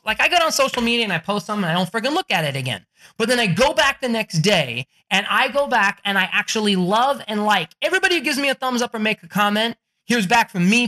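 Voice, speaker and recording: Blunt, bright-voiced man giving a pep talk. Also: high voice. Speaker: podcast guest. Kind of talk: motivational talk.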